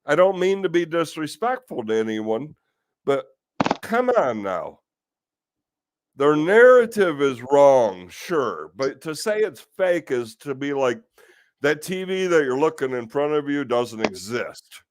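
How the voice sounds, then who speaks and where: A man's voice: fairly high pitch, big pitch swings, unhurried, noisy background. A man hosting a casual talk stream, ranting in exasperation with rhetorical questions and the odd curse. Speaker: host of a live talk stream.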